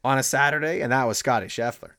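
A man's voice: medium pitch, quick pace, pushed and bright. A man co-hosting a sports podcast, rambling and self-deprecating in casual chat, with many restarts. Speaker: podcast co-host.

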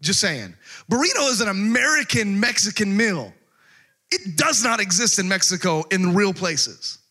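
A man delivers a sermon in a loose, joking style, teasing the room with rhetorical questions. His voice sits high and sounds bright and forward. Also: sing-song, moderate pace. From Texas. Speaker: pastor.

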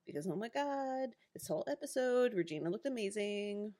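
A woman's voice: medium pitch, expressive, moderate pace, mellow. A woman co-hosting a podcast, chatting casually about a TV episode, laughing often and acting out characters' lines. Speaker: podcast co-host. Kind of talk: casual chat recapping a TV episode.

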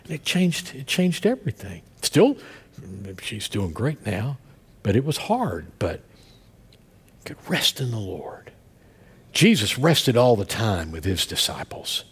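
A husky-voiced middle-aged man preaching from the pulpit. He tells his story in a conversational way that drops to a hush and then rises to a shout, and the sound carries a long church reverb. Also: medium pitch, huge pitch swings, measured pace. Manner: storytelling preacher, swings from soft murmurs to loud outbursts. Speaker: pastor. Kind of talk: sermon.

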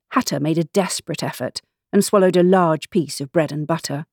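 A woman volunteer reading a classic storybook aloud in an expressive, animated way. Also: low voice, brisk, no echo, studio quality. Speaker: volunteer reader.

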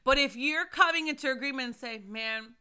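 A middle-aged woman, a mother and ministry leader, preaching fervently and shouting praise. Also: high-pitched, fairly quick, slight background noise. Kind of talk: sermon.

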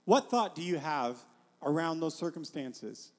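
A man's voice: on the high side, expressive, measured pace, long reverb tail. A man preaching a casual, rambling sermon, full of fillers, often stopping to put questions to his listeners.

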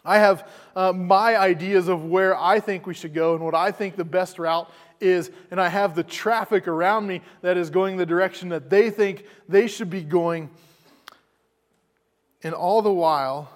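A pastor delivers a sermon in a relaxed, conversational way, often doubling back on his words. His voice sits a little higher than most men's. The sound carries the long, lingering echo of a large church sanctuary. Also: measured pace. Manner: conversational, repeats words, chuckles.

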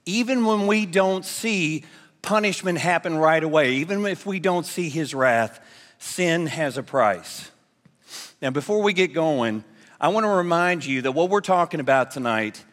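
A man preaching to his congregation, trading jokes for earnest warnings. His voice sits high for a man and carries a long reverb through the church hall. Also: lively intonation, a little slow, a bit bright. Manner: playful, then earnest. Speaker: pastor. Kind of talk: sermon with jokes. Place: church sanctuary.

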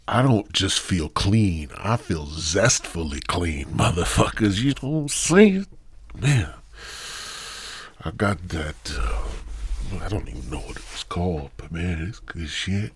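A man's voice: low-pitched, animated, slow, a little hiss or hum. A man hosting a podcast in a rambling, crude, goofy monologue full of swearing. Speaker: podcast host.

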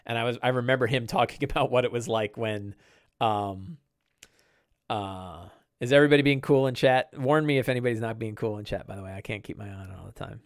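A middle-aged man hosting a casual live-stream chat, rambling and animated, with many fillers and restarts. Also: medium pitch, brisk, dry recording, clean studio sound. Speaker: podcast host.

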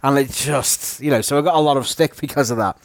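A man's voice: mid-range voice, fast talker, dry recording, clean studio sound. A young man co-hosting a podcast, telling stories in a rambling, self-mocking way. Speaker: podcast co-host. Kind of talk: casual chat.

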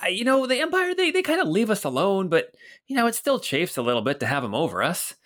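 A man's voice: sits high, big pitch swings, quick pace, fairly bright tone, voice pushed up. A man voicing a gossipy, rambling city guard in his fifties who is nearing retirement, for a tabletop game. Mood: confiding. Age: 50s. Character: chatty rotund older male city guard.

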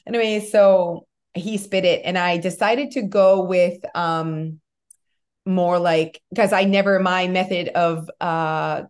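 A woman's voice: on the low side, takes it slowly. Chatty woman telling a rambling story. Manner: animated, rambling storytelling with many fillers. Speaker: podcast co-host. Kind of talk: casual chat.

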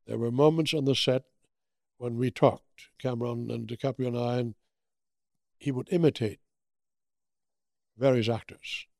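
A man in his eighties from Germany with a German accent, telling animated stories in an interview and acting out the quotes. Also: medium pitch, measured pace, creaky, pauses often, dry recording, studio quality. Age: 80s. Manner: animated anecdotes with acted-out quotes. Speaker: guest. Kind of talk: storytelling interview.

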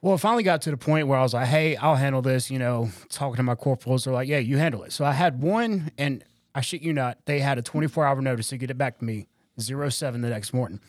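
A man's voice: medium pitch, fast talker, no room sound. A man who is a guest on a podcast, casually telling an old story in a dry, laid-back way. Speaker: guest, former Marine. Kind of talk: casual chat.

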